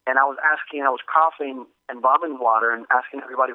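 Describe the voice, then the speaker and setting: Guy from the dominican republic on a tinny dry phone line, halting, lots of restarts. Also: mid-range voice, fairly even intonation, dry recording. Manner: halting, many restarts and fillers. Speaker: guest. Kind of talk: casual testimony over the phone.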